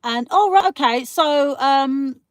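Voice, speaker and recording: A woman's voice: high voice, animated, slow pace, no room sound. A British woman hosting a casual live stream, chatting and ranting as she answers viewer comments. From Britain. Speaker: livestream host.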